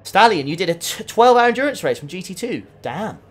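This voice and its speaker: Reading and replying to his live chat as he drives in a racing game, a young man talks casually at home into a desk USB condenser mic. His husky voice is high-pitched with big pitch swings, and his pace is brisk.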